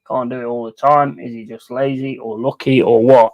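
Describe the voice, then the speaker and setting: A man's voice: mid-range voice, little pitch movement, normal speed, dry recording, muffled recording. Sweary man ranting on stream. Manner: sweary, ranting, swings between loud outbursts and mumbling asides. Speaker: streamer hosting a football watch-along. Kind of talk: casual live-stream chat.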